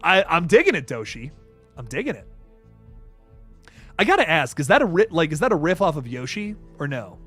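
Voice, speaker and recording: A man's voice: fairly high pitch, very animated, normal speed, long pauses, a bit bright, slightly rough, faint music behind. A young man hosting a casual live stream, reading viewer messages, laughing often and swearing casually. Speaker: livestream host reading super chats.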